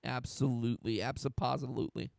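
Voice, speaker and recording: A man's voice: mid-range voice, fairly even intonation, fast talker, creaky, darkish tone, no echo, studio quality. A young man from the United States hosting a solo sports talk stream, getting fired up, swearing and restarting his sentences. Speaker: host.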